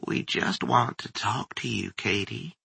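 A man voicing a monster that fakes a frail old woman's voice, thin, brittle and raspy, coaxing slowly and softly in a sing-song way. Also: on the low side, dry recording, heavily acted.

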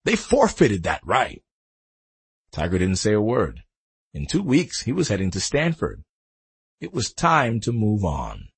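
Gravelly, husky male audiobook narrator. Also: on the low side, wildly swooping pitch, unhurried. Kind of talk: scripted narration.

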